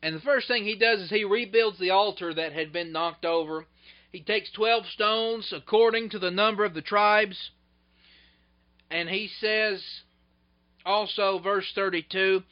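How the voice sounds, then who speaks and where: Man preaching a sermon, high voice, animated storytelling, loud then hushed, muffled lo-fi sound. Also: a little slow. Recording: dull lo-fi recording.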